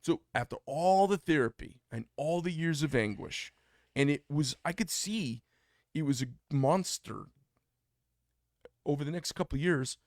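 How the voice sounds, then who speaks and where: Gravelly man, mid pitch, blunt podcast storyteller, dry close mic. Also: lively intonation, unhurried, a little mellow, dry recording. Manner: blunt, opinionated, acts out quoted dialogue. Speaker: podcast co-host. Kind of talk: casual storytelling chat.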